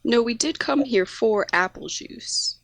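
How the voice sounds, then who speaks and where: A woman player speaking in character during a tabletop game, with playful, deadpan replies. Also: fairly high pitch, measured pace, slight background noise, low-quality recording.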